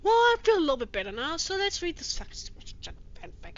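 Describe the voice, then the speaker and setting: A woman's voice: extremely high pitch, big pitch swings, fast talker, few pauses, dull audio. A woman hosting a comedic reading of fanfiction with her own commentary, speaking in a profane, sarcastic and exasperated manner. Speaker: host reading fanfiction aloud.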